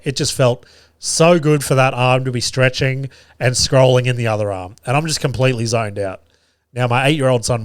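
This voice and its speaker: Animated podcast dad spinning a story. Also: male voice, medium pitch, dry recording, studio quality. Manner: animated, profane anecdote-telling with frequent laughter. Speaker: podcast host. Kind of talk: casual storytelling.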